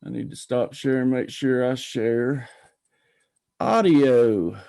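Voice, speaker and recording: A man hosts a casual call-in show with a mellow, relaxed tone and an easy, rambling flow. His voice sounds close and dry, with no room echo. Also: medium pitch, slow pace, creaky. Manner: folksy, rambling, greets viewers by name. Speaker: podcast host. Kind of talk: casual live-stream chat.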